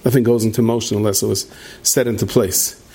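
A man with a lowish, dark voice, a breathy edge and fairly even intonation speaks a little fast. He's a rabbi delivering a rambling sermon to an audience, restarting often and repeatedly asking "right?"

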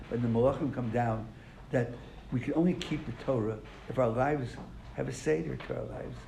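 A man's voice: mid-range voice, moderate pace, creaky, darkish tone. A man teaching a classroom lesson, asking his students questions and then answering them. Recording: echoey room, faint noise.

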